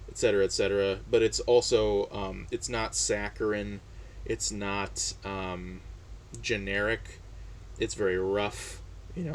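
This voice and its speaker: A man's voice: fairly low pitch, slight background noise. A man chatting casually on his own, hesitant and full of fillers and restarts. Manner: relaxed, chatty. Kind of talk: casual personal monologue.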